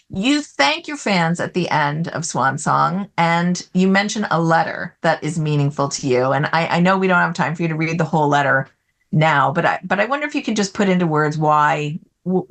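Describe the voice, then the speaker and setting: A woman's voice: sits low, animated, a little fast, vocal fry. A woman journalist interviewing an author onstage, supportive, with hesitant phrasing.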